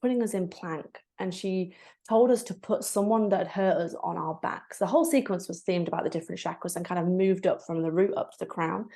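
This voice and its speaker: Speaking fairly quickly in a lowish voice, this woman opens up about her own story on a podcast interview. She works as a breathwork facilitator and mixes candid reflection with lively quoted asides.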